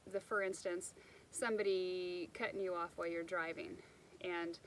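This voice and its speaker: A woman's voice: fairly low pitch, fairly even intonation, moderate pace, slight background noise, poor audio. A woman giving an unscripted motivational talk outdoors by the water, rambling a little and restarting her sentences as she goes. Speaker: self-help speaker.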